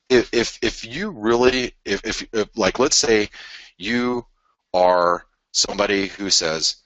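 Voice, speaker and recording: A man hosting a live forex show, walking through price charts in an animated, restless way, often restarting sentences and arguing with imagined viewers. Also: low-pitched, no echo, muffled recording. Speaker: forex market show host. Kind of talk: live trading chart analysis.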